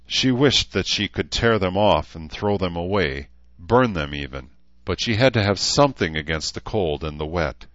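Deep-voiced male audiobook narrator. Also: animated, normal speed, fairly bright tone, no room sound, highs cut off. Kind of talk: scripted narration.

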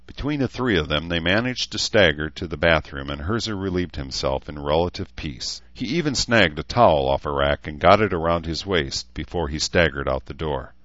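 Deep-voiced male audiobook narrator. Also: lively intonation, moderate pace, few pauses, fairly bright tone, dry recording. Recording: dull lo-fi dry recording.

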